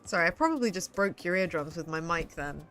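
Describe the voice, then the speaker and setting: A woman VTuber giving excitable, playful game commentary from her home gaming corner, swearing freely. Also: fairly low pitch, quick pace, faint music behind. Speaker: VTuber streamer.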